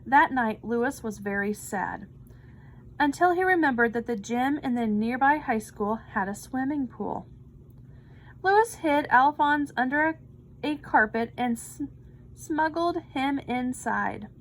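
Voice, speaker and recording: A woman reads a children's picture book aloud with expressive storytelling. She speaks slowly in a high voice. Her delivery is gentle read-aloud narration. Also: slight background noise, poor audio. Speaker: storybook reader.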